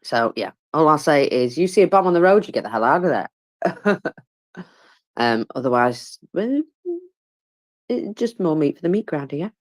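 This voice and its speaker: Low-voiced, tired woman chatting informally. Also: very animated, moderate pace, long pauses. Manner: chatty and informal, with many fillers and asides; wry, self-mocking humor. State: tired, yawning. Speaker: war commentator. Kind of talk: casual live audio-room commentary.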